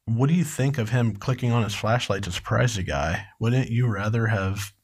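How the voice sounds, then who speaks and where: A man with a lowish, husky voice, speaking at normal speed, co-hosts a true crime podcast. He reads out parts of a case and questions his co-host about it in a conversational, inquiring way, mixing narration with discussion.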